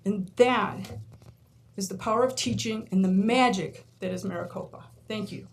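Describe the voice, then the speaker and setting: A woman from New York gives a lively storytelling speech at a podium in a large meeting room. She acts out the people in her stories and laughs often. Her pitch sits in a middle range, with faint noise underneath. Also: moderate pace. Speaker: college instructor.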